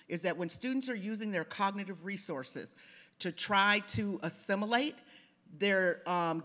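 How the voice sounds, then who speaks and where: This lecturer on language and reading, a woman from the U.S. Pacific Northwest, keeps her conference talk conversational, weaving in stories and asides to the audience. Her voice sits on the low side with a slightly bright quality. The sound echoes, as it was recorded in a lecture hall.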